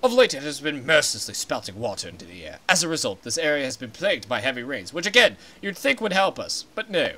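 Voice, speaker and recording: A man's voice: fairly high pitch, big pitch swings, fast, hardly any pauses, pushed and bright, voice pushed down, full character voice. A man voicing an old fish-man king in a comedic game voice-over, solemn and formal. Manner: solemn, formal, archaic speech.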